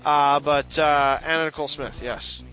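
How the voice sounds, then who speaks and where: Rambling man with a bright voice. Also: on the high side, steady tone, faint music behind, low-quality recording. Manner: rambling, halting, full of restarts and laughs. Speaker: podcast co-host. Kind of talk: casual chat, reading a listener's letter aloud.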